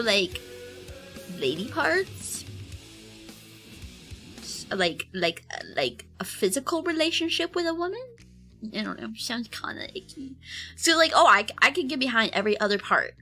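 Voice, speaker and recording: On a poorly recorded stream, a young woman draws and talks casually, dropping in plenty of fillers, giggling and squealing in reaction. She's an art streamer, and her mid-range voice sounds pushed and bright.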